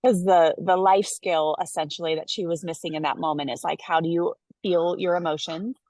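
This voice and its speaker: A woman's voice: lowish voice, steady tone, normal speed, a little mellow, no echo. A woman, a mother, hosting a parenting chat and talking in an earnest, encouraging way, often checking in with "right?". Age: adult mother of children. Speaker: host and parenting coach. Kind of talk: casual interview chat.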